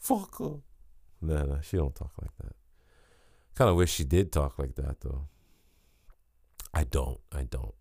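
A man's voice: a bass voice, normal speed, creaky, pauses often, darkish tone, no echo, clean studio sound. A young man hosting a podcast, rambling and joking with lots of swearing, tired and giddy. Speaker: podcast host. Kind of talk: casual solo podcast chat.

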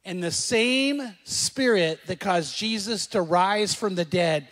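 High-voiced pastor preaching in a reverberant hall. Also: male voice, slow pace, a bit bright. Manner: conversational, asks the congregation questions, repeats phrases. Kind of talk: sermon.

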